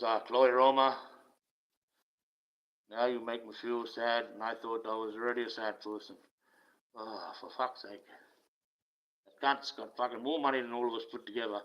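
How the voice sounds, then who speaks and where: A man rants casually on his livestream. He is profane and sarcastic, and he swings between loud outbursts and low mutters. His voice has a middle pitch, and the audio is dull and lo-fi. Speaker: livestream host.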